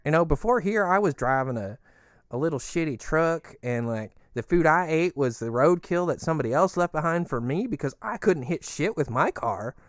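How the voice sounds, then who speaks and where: A man playing a laid-back, foul-mouthed resident who rambles on with a swooping, animated voice. The sound is dry and close, with nothing in the background. It is a comedy podcast. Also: normal speed, no room sound, natural voice. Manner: chatty, crude, swinging pitch. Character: rambling, easygoing male resident inside a giant creature.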